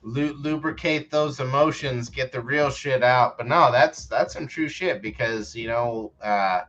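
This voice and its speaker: A man's voice: medium pitch, measured pace, fairly bright tone, dull audio. A man appearing as a stream guest in casual chat, easygoing and profane. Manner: easygoing, profane, calls people brother.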